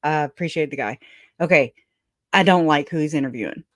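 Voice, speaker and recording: A woman hosting a livestream, angry and profane, with halting restarts and frequent laughs. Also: deep voice, dry recording, clean studio sound. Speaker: livestream host.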